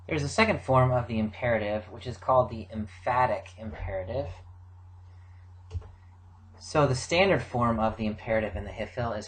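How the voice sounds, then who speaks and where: A middle-aged man giving a recorded grammar lecture, explaining forms in a measured way with frequent fillers. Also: lowish voice, a little hiss or hum, low-quality recording. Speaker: Biblical Hebrew teacher.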